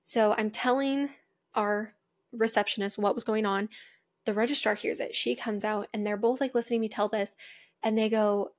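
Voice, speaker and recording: A woman's voice: medium pitch, steady tone, moderate pace. A young adult woman hosting a podcast, telling a personal story in a chatty way with lots of asides. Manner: chatty, with frequent "like" and "mind you" asides. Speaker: podcast host.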